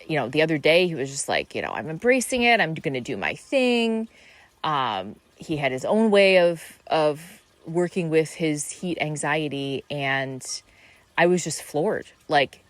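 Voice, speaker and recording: A woman's voice: deep voice, no room sound. A middle-aged woman hosting a podcast, musing in a meandering spiritual monologue full of fillers and restarts. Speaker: podcast host.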